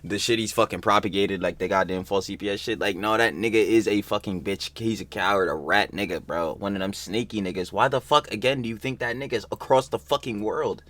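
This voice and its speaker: A man hosting a reaction video, loud, profane and quick to laugh, in casual slang-heavy commentary. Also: on the low side.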